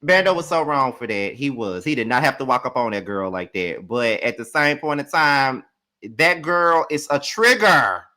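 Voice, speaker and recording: A man's voice: medium pitch, lively intonation, normal speed, pushed and bright. A man from Mississippi, recapping a reality show in sassy, profane, emphatic rants. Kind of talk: casual ranting commentary.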